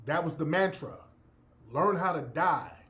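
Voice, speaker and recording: Male commentator, emphatic and profane, preacher cadence, lively high voice. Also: measured pace. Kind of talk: impassioned monologue.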